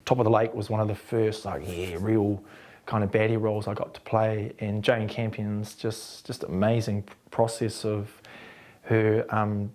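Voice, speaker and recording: A man with a New Zealand accent, an actor telling anecdotes in an interview and acting out what others said. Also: on the low side. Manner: animated, acts out quotes of others.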